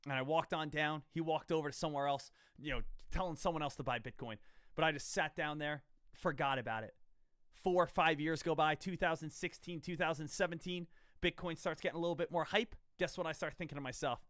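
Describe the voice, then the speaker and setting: Rambling, higher-voiced trader in his thirties. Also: fairly quick, fairly bright tone, dry recording, studio quality. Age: 30s. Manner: rambling, repeats himself, quizzes the audience. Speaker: stock trading streamer. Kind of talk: casual live-stream talk to viewers.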